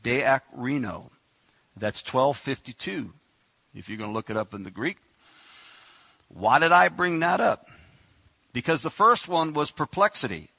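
A man's voice: medium pitch, lively intonation, measured pace, creaky, pauses often, sharp tone, no echo. A man preaching a sermon in a conversational way, acting out the people in the story as he goes. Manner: conversational preaching, acts out biblical characters.

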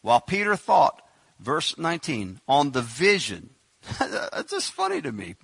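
A man's voice: fairly high pitch, wildly swooping pitch, a little slow, creaky, fairly bright tone, breathy edge, no echo. A man preaching a sermon in a conversational way, acting out the people in the story as he goes. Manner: conversational preaching, acts out biblical characters.

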